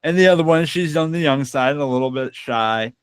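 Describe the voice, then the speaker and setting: A middle-aged man hosting a podcast, talking in a relaxed, appreciative way. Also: a little high, a little fast, clear, resonant tone, dry recording. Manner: relaxed, appreciative, with fillers and laughs. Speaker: podcast host. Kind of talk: casual interview chat.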